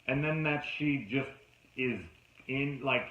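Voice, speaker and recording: A man rants through a film review, exasperated and swearing freely. His voice sits at an ordinary middle pitch. The recording is dull and slightly lo-fi, with a roomy echo around him. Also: fairly even intonation, takes it slowly. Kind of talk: casual ranting review. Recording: dull lo-fi sound in an echoey room.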